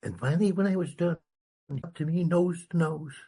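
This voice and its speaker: A man from New York sharing his recovery story at a meeting, animated and blunt, acting out old conversations. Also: fairly high pitch, moderate pace, slightly rough. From New York, USA. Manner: animated storyteller, acts out dialogue, blunt and salty. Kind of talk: personal recovery story talk.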